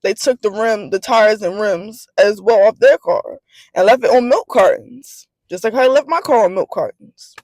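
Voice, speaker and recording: A young woman, retelling a bad day in a casual vlog with animated disbelief. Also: mid-range voice, normal speed, no echo, rough recording. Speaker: vlogger.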